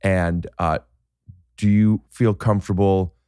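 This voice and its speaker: Male podcast host, lowish voice, halting, joking, dry studio sound. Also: fairly even intonation, dark tone, clear, resonant tone, no room sound. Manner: rambling, joking, halting with many fillers. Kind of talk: casual chat.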